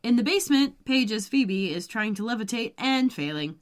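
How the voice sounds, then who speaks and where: A woman's voice: a little high, expressive, moderate pace. Easygoing woman co-host recapping. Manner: easygoing, brief agreeing interjections. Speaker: podcast co-host. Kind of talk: casual episode recap chat.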